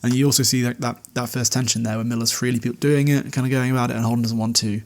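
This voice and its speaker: A man's voice: mid-range voice, little pitch movement, fast talker. A man hosting a podcast, chatting casually in a recap, laughing often and swearing freely. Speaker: podcast host.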